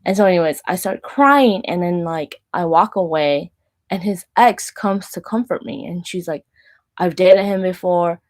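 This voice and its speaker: With a lowish, expressive voice at normal speed, this Christian minister in her thirties tells a story from her own life. Her delivery is loose and meandering, full of "like" and false starts.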